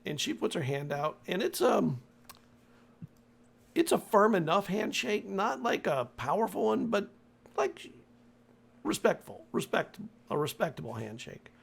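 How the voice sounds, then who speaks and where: A man narrating as game master for a tabletop horror game, halting with many fillers. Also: sits high, big pitch swings, gravelly, slightly rough.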